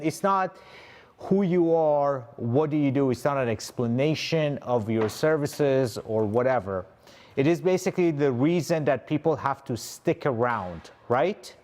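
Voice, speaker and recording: A man's voice: on the high side, lively intonation, a little mellow. A man co-hosting a live online stream, teaching the steps one by one in a methodical way. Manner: slow, methodical, numbered steps. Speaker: co-host, instructor.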